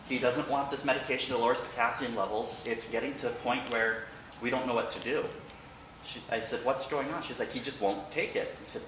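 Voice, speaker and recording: A man giving an emotional personal remembrance of his late father to a church congregation, halting at times but with wry humor. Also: medium pitch, far from the mic, background noise. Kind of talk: personal storytelling speech. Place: large church hall. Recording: echoey hall, picked up from afar.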